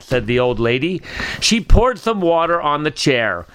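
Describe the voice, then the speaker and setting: A man reading a children's story aloud in a slow, deliberate way. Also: medium pitch, lively intonation, fairly bright tone, smooth.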